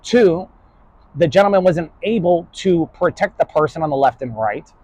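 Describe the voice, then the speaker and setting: The host of an online philosophy class, a New Yorker, lectures casually and bluntly, swearing freely and closing nearly every point with "right?". His voice is a little high and a little mellow, animated, at a normal speed.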